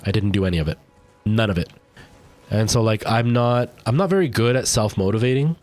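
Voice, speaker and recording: Low-voiced man streaming gameplay. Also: animated, brisk, a little mellow, faint music behind. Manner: rambling, thinks aloud while playing. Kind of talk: live gameplay commentary.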